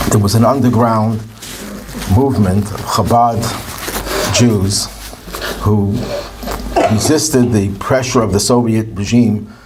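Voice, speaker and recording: A man's voice: on the low side, background noise. A male rabbi telling anecdotes and chuckling at his own jokes. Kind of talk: storytelling talk.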